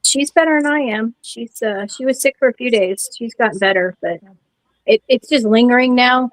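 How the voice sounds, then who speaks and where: A woman's voice: on the high side, normal speed, dry recording, poor audio. A middle-aged woman co-hosting, chatty and teasing in a casual video call chat.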